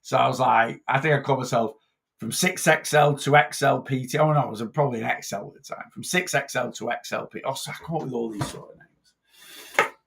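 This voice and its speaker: A man with a gravelly edge to his mid-pitched voice, chatting casually as a personal trainer. He rambles, trips over his own starts and repeats phrases as he goes. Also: a little fast, fairly bright tone. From north-west England. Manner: rambling, repeats and restarts himself. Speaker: personal trainer and weight-loss coach.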